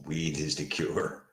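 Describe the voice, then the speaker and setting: A man with a Philadelphia accent, a sober house manager, telling a story at home in an animated, profane way. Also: extremely low pitch, slight background noise. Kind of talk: casual venting monologue. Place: indoors at home. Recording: roomy echo.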